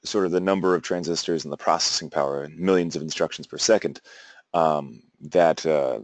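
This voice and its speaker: A young man with a very low voice gives a classroom lecture, wandering through his points with plenty of "uh"s and false starts. The sound is dry and close, with little room around it. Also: a little fast, no room sound. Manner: rambling, many fillers and restarts. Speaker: teacher.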